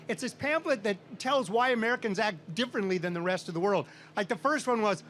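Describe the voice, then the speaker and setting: A middle-aged man from Minnesota telling a comic story with dry, deadpan timing to a live audience at an outdoor state fair stage. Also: high voice, fairly quick, hardly any pauses, slight background noise.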